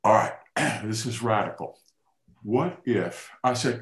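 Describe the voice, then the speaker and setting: Male host, animated anecdote teller who plays every part, mid voice, echoey room. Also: medium pitch, slow pace. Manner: lively anecdote teller, acts out quoted dialogue. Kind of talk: casual storytelling chat.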